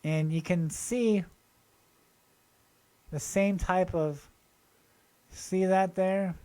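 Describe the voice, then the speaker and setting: A man's voice: sits high, extremely slow. Male channel host, eager and rambling, talks straight to viewers in a casual show-and-tell. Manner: excited, rambling, addresses viewers directly.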